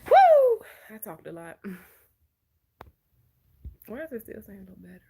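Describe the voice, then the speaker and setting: Woman, Southern accent from Georgia, slightly low pitch, expressive and animated, casual live-stream chatter. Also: normal speed, gravelly, breathy edge. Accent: Southern American (Georgia). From Georgia, USA. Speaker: vlogger, host.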